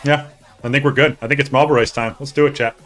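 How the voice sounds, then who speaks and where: A man hosting a live stream, chatting casually and excitably with his viewers, joking and swearing as he goes. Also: medium pitch, fast talker, soft background music. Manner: excitable, jokey, talks to chat, swears. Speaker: streamer hosting a hockey league draft.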